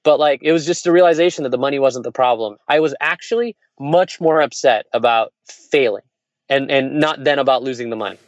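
A man speaking quickly and frankly about his past as an entrepreneur, slipping into quoted voices now and then. The recording is dry and a touch dull, with no room around it. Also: mid-range voice, dry recording. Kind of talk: candid conversational storytelling.

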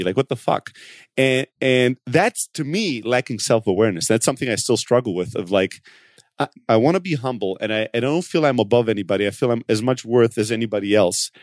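A man talking casually as a podcast co-host, stumbling over his words and restarting, then rising into lively bursts. His voice sits at a middle pitch and sounds close and dry, with no room around it. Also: no room sound. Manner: halting, many restarts, bursts of animated retelling. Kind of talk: casual conversation.

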